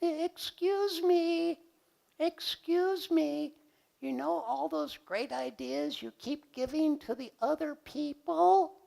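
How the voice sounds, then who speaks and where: A man's voice: very high-pitched, slow pace, gravelly, mellow, voice pushed up, heavily acted. A man voicing a small nagging inner voice of conscience, hesitant and needling. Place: large conference hall.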